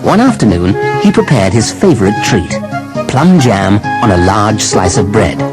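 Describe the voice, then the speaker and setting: A man giving a warm, animated scripted storybook narration. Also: on the low side, normal speed, poor audio. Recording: music under narration.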